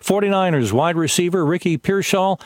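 A man anchoring a network newscast with crisp, measured scripted delivery. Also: high-pitched, dry recording. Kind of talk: scripted newsreading.

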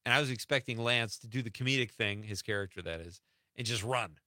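Bright-voiced chatty radio host, man. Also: mid-range voice, fast talker, no echo, clean studio sound. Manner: chatty, rambling with fillers. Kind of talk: casual radio talk. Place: radio studio. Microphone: studio mic.

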